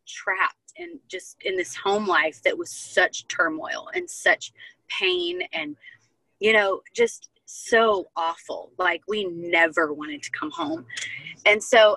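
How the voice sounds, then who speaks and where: Young woman telling her story, earnest, lots of likes and ums, lowish but bright tone, dry sound. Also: animated, normal speed, dry recording, rough recording. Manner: earnest, heartfelt storytelling with many fillers. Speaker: guest. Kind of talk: personal testimony in casual chat.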